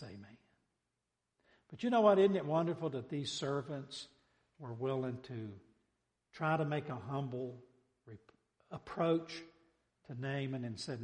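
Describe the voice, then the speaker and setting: A man preaching a sermon, emphatic, quizzing his listeners and dropping low on each amen. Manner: emphatic, asks the congregation questions, drops low on amens. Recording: long hall reverb.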